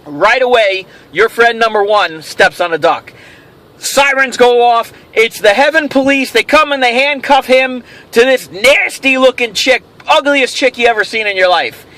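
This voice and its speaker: A man's voice: very high voice, moderate pace, sharp tone. A man hosting a casual question-and-answer vlog, rambling and telling jokes with self-amused delight. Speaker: host of a toy show.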